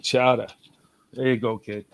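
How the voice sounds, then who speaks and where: A man chats casually as a livestream host. He rambles, swears freely and stumbles over restarts. His mid-pitched voice is recorded dry and close, with no room sound. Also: brisk, dry recording. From New England. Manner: rambling, profane, restarts a lot. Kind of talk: casual chat.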